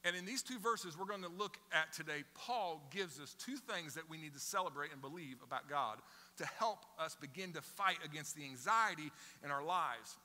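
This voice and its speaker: A middle-aged man preaching a sermon to his church, conversational and animated, acting out little scenes as he goes. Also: fairly high pitch, moderate pace, long reverb tail. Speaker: pastor. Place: church sanctuary with congregation.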